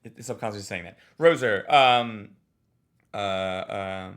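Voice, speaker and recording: A man working as a comedy teacher, giving a blunt, animated critique of a recorded set. He swears and acts out the audience and the comedian to make his points. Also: on the low side, unhurried.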